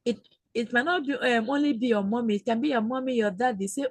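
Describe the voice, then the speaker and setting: A woman teaching Igbo words to children in a webinar, repeating phrases slowly and patiently. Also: a little high, no room sound, low-quality recording. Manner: slow, repetitive teaching with drawn-out Igbo phrases. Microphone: computer mic on a video call.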